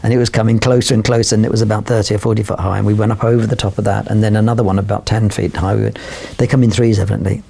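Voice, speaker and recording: Racing along with hardly any pauses, an older man from London, a photographer guest, spins a long, rambling anecdote with fillers and restarts. He has a lowish, gravelly, warm voice with little pitch movement.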